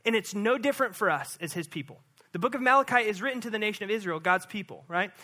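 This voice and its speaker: Bright-voiced man preaching conversationally. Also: sits high, lively intonation, fast. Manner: conversational preaching, frequent "right?" asides. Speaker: pastor. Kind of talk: sermon.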